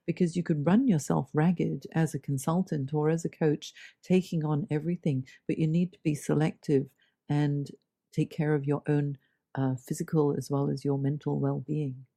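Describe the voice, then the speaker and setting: Mellow-voiced Australian woman coach. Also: sits low, steady tone, moderate pace, creaky. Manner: warm affirming, enthusiastic agreement. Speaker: career coach, host. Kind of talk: interview conversation.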